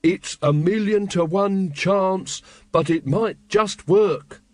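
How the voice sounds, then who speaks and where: A wide-eyed, earnest young guardsman voiced by a male narrator, pitched well above the reader's own voice. He speaks slowly and distinctly in a close, dry audiobook sound. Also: big pitch swings, no room sound. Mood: earnest alarm.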